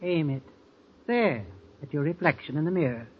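A man plays a scheming older uncle in an old radio play, cold and controlling with a slightly high voice. The recording sounds dull and dated. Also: expressive, normal speed, slight background noise, lightly acted. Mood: menacing. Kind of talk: 1940s radio acting.

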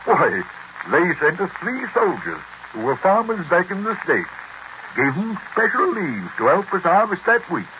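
A man's voice: high voice, very animated, a little slow, noisy background. An actor playing a chatty, proud English farmer with an English accent who tells his story in a folksy way, in 1940s radio acting. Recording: dull lo-fi 1940s radio recording.

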